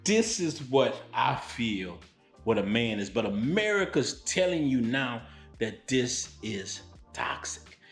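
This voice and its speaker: A man from Louisiana telling stories on his vlog in a blunt, animated, street-style way. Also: mid-range voice, slow pace, roomy sound, faint music behind. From Louisiana, United States. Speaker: vlogger. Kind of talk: storytelling vlog.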